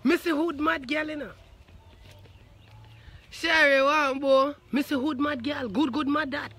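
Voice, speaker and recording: A man with a Jamaican accent telling a profane comic story as an animated, swearing rant. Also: very high voice, measured pace. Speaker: comedic storyteller.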